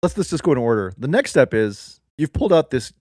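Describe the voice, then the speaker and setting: A man co-hosting a casual comedy podcast, wry and deadpan as he picks apart a story. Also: mid-range voice, brisk, dry recording, studio quality. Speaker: podcast co-host.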